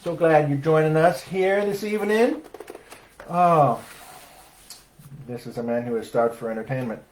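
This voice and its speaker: A man's voice: a little high, moderate pace, rough recording. A man chatting wryly and self-deprecatingly on a livestream between accordion songs. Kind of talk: casual stage patter and sung comic tango. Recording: loud accordion music behind.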